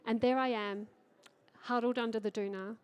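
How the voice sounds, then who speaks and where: An enthusiastic middle-aged Australian woman speaks from a conference stage with a slightly high voice. She keeps her talk chatty and upbeat and often turns to the crowd with questions. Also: fairly even intonation, moderate pace, clean tone. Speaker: trading educator and conference speaker. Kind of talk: energetic conference talk to a live audience. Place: conference stage before an audience.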